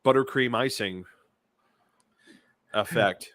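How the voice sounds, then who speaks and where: Rambling mid-pitched podcast co-host. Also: male voice, slow pace, a bit bright, no echo, studio quality. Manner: hesitant, lots of restarts and fillers, descriptive. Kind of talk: casual chat, beer review.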